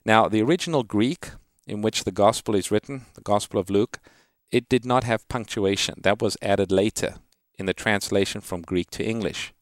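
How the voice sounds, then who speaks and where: A man with a fairly low voice hosts a call-in Bible program. He explains scripture earnestly and lifts his voice when he quotes verses. The sound is close and dry, with no room around it. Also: normal speed, dry recording. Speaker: radio Bible-answer host. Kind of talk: call-in radio Bible teaching.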